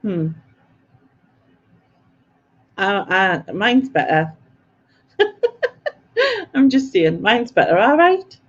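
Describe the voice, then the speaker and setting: A woman's voice: on the high side, wildly swooping pitch, very slow, long pauses, muffled recording. A woman hosting a live quiz stream, chatty and self-mocking, laughing often as she reads out viewer comments. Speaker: quiz host.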